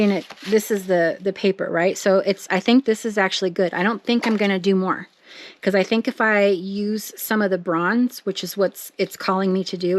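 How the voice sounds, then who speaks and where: A woman narrates her crafting in a casual, thinking-out-loud way, talking straight to her viewers. Her voice sits at an average pitch. Now and then she breaks into excited bursts. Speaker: craft vlogger.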